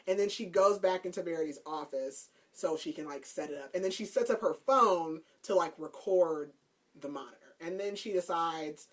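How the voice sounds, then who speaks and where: A woman's voice: on the low side, moderate pace. A woman podcast host casually recapping a book's plot, chatty and laughing, with lots of "like". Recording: voice a bit far from the mic.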